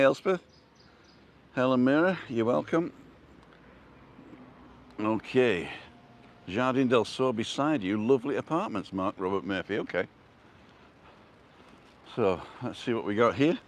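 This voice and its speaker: A man's voice: medium pitch, animated, a little slow, long pauses, a little hiss or hum. An older man live-streaming on a street walk, chatting casually and answering viewers' comments as he goes. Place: outdoors on a street.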